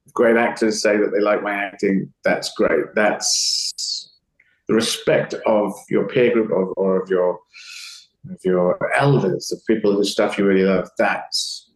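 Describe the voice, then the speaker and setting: A man in casual conversation with a slightly low voice. He rambles cheerfully and slips into acted voices for quotes. The sound is a bit roomy and echoey. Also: fairly even intonation, measured pace. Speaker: comedian guest. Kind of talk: casual interview talk.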